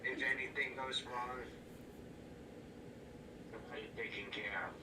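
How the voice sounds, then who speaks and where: A man's voice: medium pitch, steady tone, a little slow, natural voice. A man playing a brash, touchy circus acrobat. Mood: confiding. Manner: gruff trash talk. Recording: roomy distant mic with background noise.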